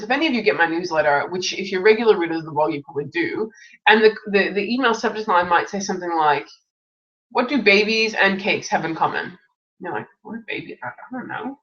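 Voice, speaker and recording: A woman's voice: medium pitch, fairly bright tone. Nasal-voiced woman giving chatty advice. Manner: chatty, many restarts and asides. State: stuffy, nasal from illness. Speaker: webinar host answering questions. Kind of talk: casual live Q&A advice. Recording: distant mic, dull lo-fi sound.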